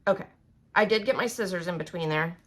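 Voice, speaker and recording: A woman's voice: lowish voice, fast talker, fairly bright tone. Chatty woman demoing a craft. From Oklahoma. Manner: chatty and folksy, talks straight to viewers as friends. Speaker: product demonstrator. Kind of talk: casual how-to demonstration.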